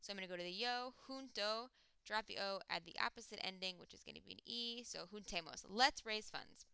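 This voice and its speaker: Bright, crisp-voiced woman teaching. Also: medium pitch, dry recording. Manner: methodical, step-by-step explaining; slows to spell out example words. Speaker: Spanish teacher. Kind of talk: recorded grammar lesson.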